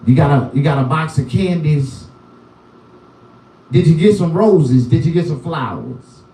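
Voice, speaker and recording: A man riffing loose, profane stand-up, his voice mellow and soft-edged yet jumping around a lot in pitch. He sounds set back from the mic in a roomy, echoing space. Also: animated, unhurried, far from the mic. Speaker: comedian. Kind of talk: rambling stand-up on a live stream.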